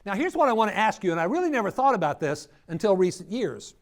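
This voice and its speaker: A man's voice: sits high, very animated, fast. A middle-aged man preaching a sermon at a church grief workshop, teaching with rhetorical questions to his audience. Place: church hall.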